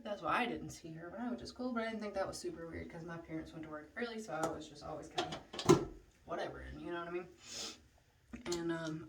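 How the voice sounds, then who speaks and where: A woman's voice: mid-range voice, a bit bright, far from the mic, slight background noise. A young woman telling a story in a casual vlog while doing her makeup, chatty and profane, with lots of "like". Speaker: beauty vlogger telling a story.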